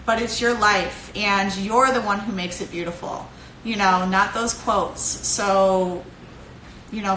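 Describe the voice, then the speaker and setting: Bright-voiced, profane woman streaming live. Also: medium pitch, echoey room, a little hiss or hum, poor audio. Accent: Cleveland. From Cleveland, Ohio. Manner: profane, animated, laughs often. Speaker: fighter streaming live to followers. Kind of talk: casual live-stream pep talk. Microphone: phone.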